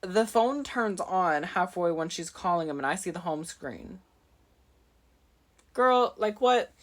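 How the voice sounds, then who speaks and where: A woman's voice: lowish voice, expressive, slow. A young adult woman vlogger telling a dramatic story in casual chat, full of fillers and asides to her viewers. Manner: chatty, dramatic, filler-heavy with constant "like".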